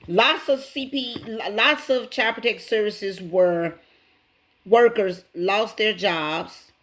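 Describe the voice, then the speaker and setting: A woman's voice: mid-range voice, slow, noisy background. A woman hosting her own channel, casually retelling a story to her viewers, speaking emphatically, repeating key points and calling them y'all. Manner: addresses viewers directly as y'all. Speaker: channel host.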